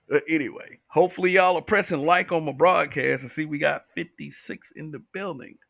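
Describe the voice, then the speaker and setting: A man's voice: on the high side, gravelly, a bit bright, no echo, studio quality. A man hosting a livestream, talking bluntly with profanity and reading viewer comments. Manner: blunt, profane, talks back to chat.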